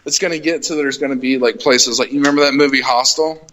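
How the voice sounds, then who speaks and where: A man guesting on a casual podcast, his voice at an ordinary middle pitch. He speaks emphatically and peppers his talk with swearing. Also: steady tone, fast talker, a bit bright, low-quality recording. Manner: emphatic, profane. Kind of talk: casual chat.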